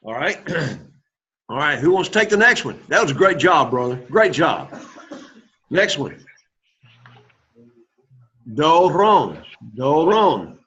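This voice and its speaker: A man teaching Greek to a class, coaxing students and repeating words slowly for pronunciation. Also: fairly high pitch, big pitch swings, pushed and bright, highs cut off. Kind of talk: classroom lesson.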